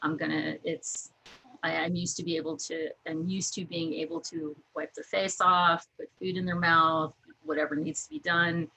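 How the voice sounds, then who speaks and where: Woman, guest, casual storyteller, laughs often, bright tone. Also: deep voice, moderate pace, vocal fry, low-quality recording. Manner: laughs often, lively anecdotes.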